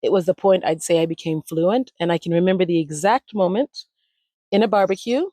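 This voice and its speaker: A woman in her forties being interviewed, telling animated stories and acting out quoted voices. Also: on the low side, fairly quick, no echo. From United States. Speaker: language retreat founder, interview guest. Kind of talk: conversational interview storytelling.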